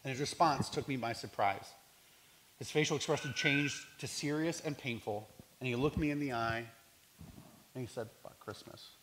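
A man's voice: mid-range voice, moderate pace, a bit bright, slight background noise. An earnest man recounting stories from his outreach work, reflective and sincere as he talks. His voice sits in an ordinary middle range, and he sometimes stops and restarts a phrase. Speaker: homeless outreach worker. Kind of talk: storytelling talk.

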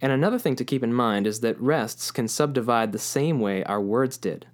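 A man's voice: medium pitch, moderate pace. Patient male music teacher explaining rhythm. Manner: patient, clear, speaks rhythm syllables aloud.

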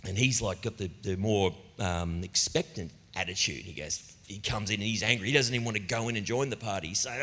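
A middle-aged man preaching a sermon as a pastor, telling stories in an animated, conversational way. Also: fairly low pitch, a little fast, breathy edge. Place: church auditorium. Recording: long reverb of a church hall.

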